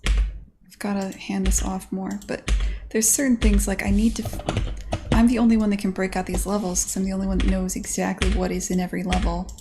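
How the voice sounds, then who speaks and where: A woman's voice: medium pitch, little pitch movement, fairly quick, over music. A woman who develops games, chatting casually on her stream in a rambling way with lots of fillers. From United States. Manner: rambling, filler-heavy, self-talk.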